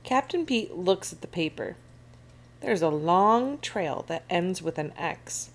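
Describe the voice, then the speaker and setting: Slow, expressive woman reading a storybook. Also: on the low side. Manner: expressive, animated. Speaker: children's book reader. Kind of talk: storybook read-aloud.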